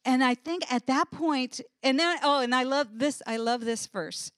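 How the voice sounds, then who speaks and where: A woman preaching a conversational sermon, retelling scripture in an animated way and chuckling as she goes. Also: sits high, normal speed, no room sound, studio quality.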